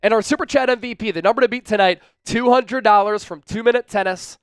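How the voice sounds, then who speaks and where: A man's voice: high voice, fast talker, clear, resonant tone, dry recording. A man hosting a live fan-channel football stream, breaking down the game and reading viewer super chats aloud with hype. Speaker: sports livestream host. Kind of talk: live fan-show commentary and chat shout-outs.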